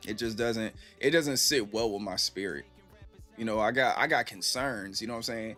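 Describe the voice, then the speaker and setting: A man's voice: fairly low pitch, a bit bright. Laid-back man talking on a live stream. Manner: laid-back and reflective, heavy with "you know what I'm saying"; reads and answers chat. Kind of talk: casual live-stream chat. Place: at home.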